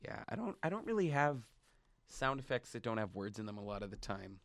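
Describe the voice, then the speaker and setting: A man's voice: fairly low pitch, very animated, fairly quick, no echo. A man hosting a radio show in a studio booth, chatting casually in a rambling, teasing way.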